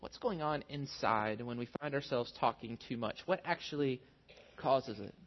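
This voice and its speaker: A man's voice: medium pitch, moderate pace. A man in his thirties preaching a sermon in a conversational, self-deprecating storytelling manner. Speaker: pastor. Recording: muffled lo-fi sound.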